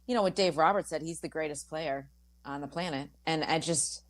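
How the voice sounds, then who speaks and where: A woman co-hosting sports talk radio, effusive and excited, restarting her sentences as she raves. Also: deep voice, a little fast, dry recording. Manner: effusive, gushing, trailing restarts. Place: radio studio.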